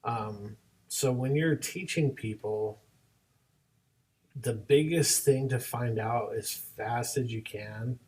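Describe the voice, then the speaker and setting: A man's voice: medium pitch, far from the mic, low-quality recording. A young man, a martial arts instructor co-hosting a podcast, telling classroom stories and acting out both sides of each exchange. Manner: animated storyteller, acts out both sides of dialogues. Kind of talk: casual chat.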